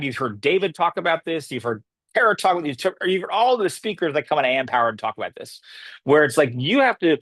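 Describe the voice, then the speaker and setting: A man's voice: a little high, no echo. Repetitive, conversational male motivational speaker. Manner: conversational, repeats himself, acts out quoted reactions. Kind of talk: motivational business talk.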